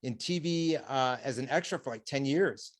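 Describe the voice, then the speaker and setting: A man hosting a podcast, telling lively anecdotes in casual chat. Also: medium pitch, moderate pace. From United States. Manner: chatty storyteller, lively anecdotes. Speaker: podcast host.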